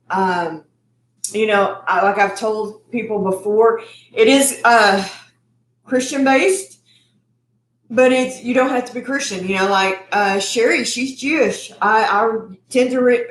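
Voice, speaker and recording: A woman's voice: a little high, slow. A middle-aged woman, hosting her cooking channel livestream in a rambling, chatty way, sometimes talking while eating. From Texas. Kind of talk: casual livestream chat. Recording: echoey room.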